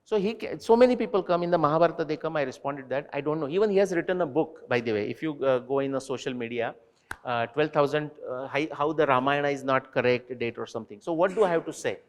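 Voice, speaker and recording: Animated man lecturing in a hall. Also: on the high side, fast. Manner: animated, digressive, addresses audience directly. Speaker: invited speaker. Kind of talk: lecture Q&A with students.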